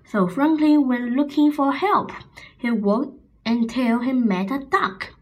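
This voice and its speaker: Lady reading a bedtime story to kids, real slow, higher voice. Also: a little mellow, poor audio.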